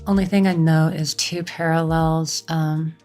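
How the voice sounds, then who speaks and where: Low, flat-voiced young woman streamer. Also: measured pace, soft background music. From Canada. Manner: rambling, lots of "like" and restarts, chats with viewers. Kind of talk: casual game stream chat.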